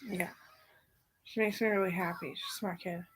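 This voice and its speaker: Woman chatting thru her makeup, retelling convos back and forth, swears kinda casual, goes quiet and soft sometimes. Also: fairly low pitch, fairly even intonation, normal speed, slight background noise, low-quality recording. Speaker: vlogger. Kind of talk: casual storytelling while doing makeup.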